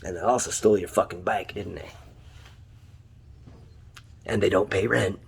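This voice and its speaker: In a low voice with vocal fry and a breathy edge, a taxi driver from Canada rants online, swearing constantly in an angry, heated monologue. He keeps a moderate pace and fairly even intonation.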